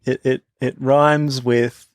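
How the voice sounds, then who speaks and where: A young man co-hosting a casual sports podcast, speaking in a low-key, wry way. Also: flat delivery, slow pace, dry recording. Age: young adult. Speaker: podcast co-host. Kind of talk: casual chat.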